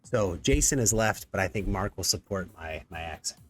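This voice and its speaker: A man's voice: low-pitched, lively intonation, moderate pace, faint music behind. A man hosting a casual live stream, rambling and joking with many fillers. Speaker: executive producer and stream host.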